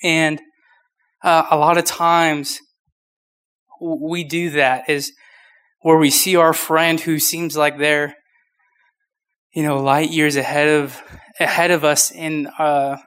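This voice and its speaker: A man's voice: fairly high pitch, level tone, slow, long pauses, a bit bright, clean tone. A young man in his twenties preaching a casual youth sermon, short of breath, with many restarts and fillers. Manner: informal, rambling, many restarts. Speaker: youth pastor.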